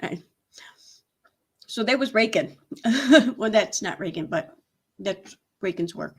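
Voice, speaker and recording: A woman's voice: medium pitch, measured pace, slightly rough. Chatty sarcastic woman streamer. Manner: chatty, sarcastic, laughs often. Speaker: commentary channel host. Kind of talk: casual livestream commentary.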